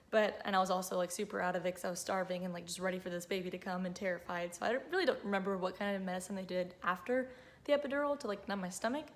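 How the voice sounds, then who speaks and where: A woman in her twenties telling a personal story to camera in a chatty, emotional way, full of "like" and "um". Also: mid-range voice. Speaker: vlogger.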